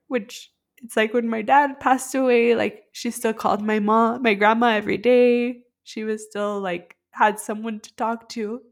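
A woman co-hosting a podcast, telling a personal story in a heartfelt, rambling way, full of "like" fillers. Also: on the high side. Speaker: podcast co-host.

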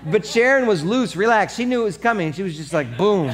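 Male pastor, sermon, animated storyteller, voice a touch high. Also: brisk, noisy background. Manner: drops to soft earnest tone for the appeal.

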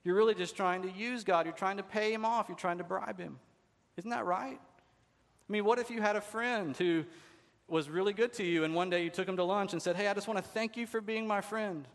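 A man's voice: sits high, steady tone, moderate pace, creaky. A man preaching a sermon as pastor, talking conversationally and asking the congregation rhetorical questions. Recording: long hall reverb.

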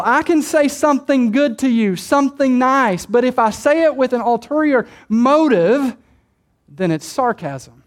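A woman preaching a sermon in a joking way, laughing often and repeating words as she starts her phrases. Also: on the high side.

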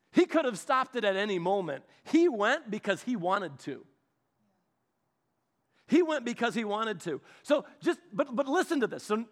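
A male preacher telling a Bible story in an animated, playful way, with asides. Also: sits high. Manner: animated, playful, laughs at his own asides.

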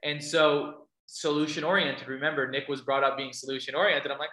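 Bright-voiced male motivational speaker. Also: a little high, fairly even intonation, brisk, reverberant, rough recording. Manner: storytelling, asks the audience questions. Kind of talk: speech to a live audience.

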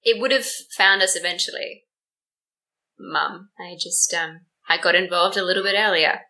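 A woman playing a tabletop game, talking in a soft-spoken, hesitant way. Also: lowish voice, normal speed, low-quality recording. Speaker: player.

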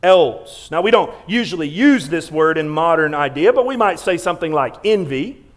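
A male pastor with a notably high voice preaches a sermon in a church sanctuary. He leans hard on key words and often stumbles over restarts. His volume rises for emphasis, then drops to near-hushed lines. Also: lively intonation, moderate pace. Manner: swings between loud emphasis and quiet, hushed lines.

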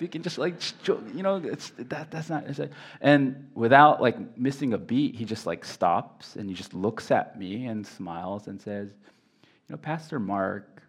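A man in his thirties, a pastor, preaching a sermon in a casual storytelling way with lively quoted voices and frequent restarts. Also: fairly low pitch. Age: 30s.

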